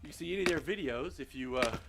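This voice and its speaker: A middle-aged man streaming a building game live while walking on a treadmill, out of breath, muttering counts to himself between loud chatty asides to his viewers. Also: a little high, lively intonation, racing, noisy background. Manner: mutters block counts under his breath, then chats loudly to viewers. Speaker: gaming streamer.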